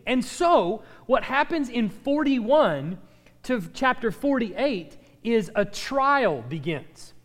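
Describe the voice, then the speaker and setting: A man teaching a Bible class who reads verses dramatically and often repeats words as he restarts. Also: high-pitched. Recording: long hall reverb.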